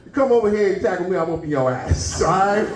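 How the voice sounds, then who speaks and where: A man performing a stand-up comedy set, telling stories and acting out the people in them. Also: high-pitched. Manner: storytelling, acting out characters. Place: comedy club stage with live audience. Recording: roomy, distant room recording with crowd laughter.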